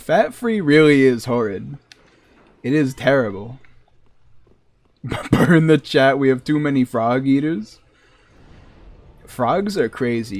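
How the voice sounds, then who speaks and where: A man with a Massachusetts accent chatting casually while streaming a game, rambling and chuckling between asides. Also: medium pitch. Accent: New England (Massachusetts). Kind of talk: casual chat while gaming.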